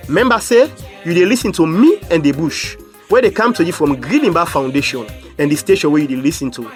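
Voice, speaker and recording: A man's voice: a little high, lively intonation, a little fast, faint music behind. A man from Sierra Leone with a Krio accent, presenting a radio program and interpreting for a guest.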